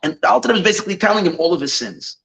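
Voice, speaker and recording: A man, a rabbi, telling a Chassidic story at an evening gathering, animated, with many restarts and Yiddish phrases mixed in. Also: high voice, racing, vocal fry, poor audio.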